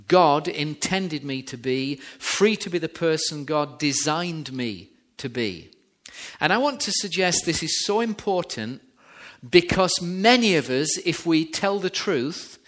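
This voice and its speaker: A man's voice: on the high side, fairly bright tone. A man preaching a sermon in an emphatic, storytelling way, repeating his key phrases. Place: church.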